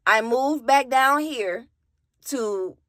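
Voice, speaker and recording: A woman from Alabama speaks in a somewhat high voice. She tells her own story in a raw, candid way, cursing and talking straight to her viewers. The sound is dry, with no room echo. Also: animated, extremely slow, fairly bright tone. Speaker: vlogger telling her story. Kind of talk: emotional personal storytime.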